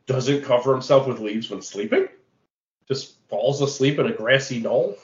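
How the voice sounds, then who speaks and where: A man in casual movie-review banter, dry and quick with a joke and not shy of swearing. His voice sits mid-pitch, and the sound is roomy and a little muffled. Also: sing-song. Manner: wry, swearing, quick jokes. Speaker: podcast co-host.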